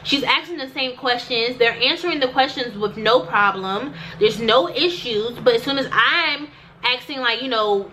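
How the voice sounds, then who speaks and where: A woman's voice: fairly high pitch, normal speed, sharp tone, slight background noise, poor audio. A young woman vlogger recounting a personal story to the camera, emphatic and repetitive, talking straight to her viewers.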